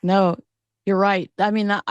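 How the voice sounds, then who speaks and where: A woman's voice: medium pitch, level tone, unhurried, smooth, no echo, lo-fi sound. Woman host for casual commentary: wry, rambling, critical, dry sound.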